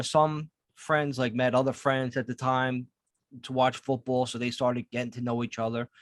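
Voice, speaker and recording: A man's voice: medium pitch, no room sound, studio quality. A man, co-hosting a podcast in casual chat and ranting heatedly with plenty of swearing. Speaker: podcast co-host.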